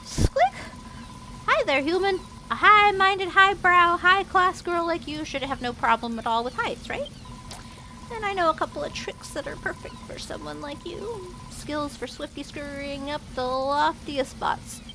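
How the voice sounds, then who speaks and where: Brief: woman doing a chirpy mouse adventurer, high and theatrical, over a noisy background. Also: animated, unhurried. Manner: high, loud, theatrical read in a put-on accent. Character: chirpy mouse adventurer teaching climbing tricks. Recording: clear background noise.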